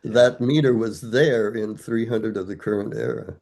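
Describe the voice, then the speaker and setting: A man's voice: fairly low pitch, moderate pace, creaky, a little mellow. An older man, a guest scholar, explaining ideas step by step in a thoughtful, conversational academic way, asking himself rhetorical questions.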